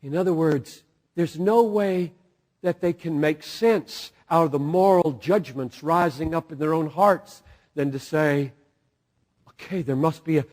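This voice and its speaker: A middle-aged man preaching a sermon, swinging from loud peaks to hushed drops. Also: a little high, measured pace. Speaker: pastor.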